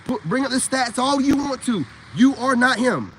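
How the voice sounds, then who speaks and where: Blunt, profane man ranting, high voice. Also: lively intonation, moderate pace, fairly bright tone, slight background noise. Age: adult parent. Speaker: vlogger. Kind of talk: casual ranting monologue.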